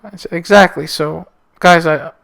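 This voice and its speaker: A man's voice: a little high, fairly even intonation, normal speed, gravelly, a bit bright, no room sound. A young man hosting a casual solo podcast, rambling and self-mocking with loose, profane asides. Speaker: podcast host.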